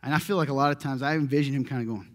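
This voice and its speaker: A man preaching a conversational sermon as a pastor, telling stories in a lively, self-deprecating way and often laughing. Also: medium pitch, very fast.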